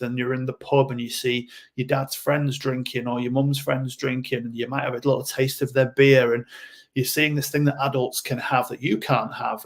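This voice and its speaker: A man speaking as a guest in a podcast interview, explaining ideas bluntly and acting out short quoted lines. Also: mid-range voice. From United Kingdom. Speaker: guest coach.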